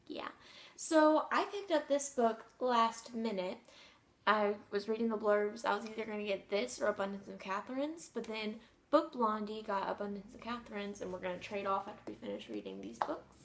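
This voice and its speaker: A bubbly teenage girl rambling about her latest book haul. She gushes and trails off into fillers, her voice sitting at an ordinary middle pitch for a young woman. Casual, unscripted vlog chatter. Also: expressive, normal speed. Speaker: book vlogger.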